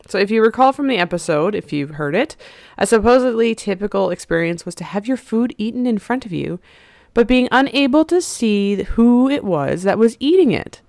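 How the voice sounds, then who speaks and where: A woman's voice: mid-range voice, a little mellow, no echo, clean studio sound. A young woman hosting her own podcast, chatting casually and musing aloud, with lots of "you know". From Saskatchewan, Canada. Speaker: podcast host. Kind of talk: casual solo podcast talk.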